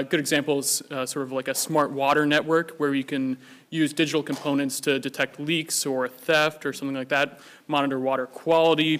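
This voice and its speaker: This is a man speaking as a panelist from a policy institute. His delivery is brisk and explanatory, and it is dotted with "uh" fillers. His voice sits at a mid pitch for a man. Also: a bit bright. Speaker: think-tank analyst, panelist. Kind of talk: panel discussion.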